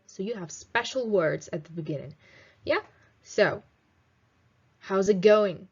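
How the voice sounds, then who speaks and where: A young woman teaching English in a video lesson, slowly modelling phrases for students to repeat. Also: medium pitch, a little mellow, dull audio. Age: 20s. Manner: slow, clear teaching delivery with drilled example phrases.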